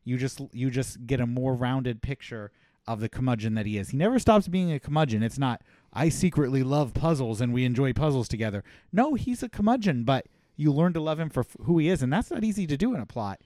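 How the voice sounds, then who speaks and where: A man's voice: mid-range voice, animated, fast, mellow, no echo, clean studio sound. A man co-hosting a podcast, giving enthusiastic, emphatic opinions on a film, his voice a little worn. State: voice slightly worn. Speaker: podcast co-host. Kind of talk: casual film discussion.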